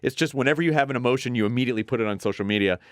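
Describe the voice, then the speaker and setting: A male TV host speaks as a guest, reflective and a little rambling, often slipping into acted-out quotes. His voice sits at a middle pitch, and the studio sound is dry and close. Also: rapid-fire, smooth, dry recording. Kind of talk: casual studio interview.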